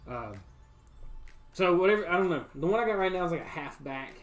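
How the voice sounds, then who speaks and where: A man's voice: high voice, animated, a little fast, faint music behind. A man, casually chatting to viewers on a livestream from his home bar room, rambling and folksy with lots of fillers. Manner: rambling, laid-back, folksy, frequent fillers. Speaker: livestream host. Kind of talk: casual chat to a live stream. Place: home bar room with sound foam on the walls.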